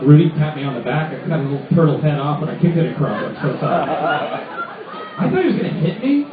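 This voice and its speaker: Animated man doing stand-up. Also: a little high, quick pace, far from the mic, a loud crowd. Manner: animated, shifting into loud character voices. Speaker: stand-up comedian. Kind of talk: stand-up storytelling. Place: comedy night in a sports pub. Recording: roomy bar recorded from afar on lo-fi audio. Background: audience laughter.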